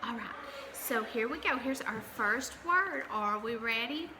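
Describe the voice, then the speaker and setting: A kindergarten teacher with a slightly high voice leads the class slowly through spelling and sight words, stretching each letter out and praising the children as she goes. Steady background noise hums under the recording. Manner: slow and drawn out when spelling, encouraging. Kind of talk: slow, clear classroom lesson.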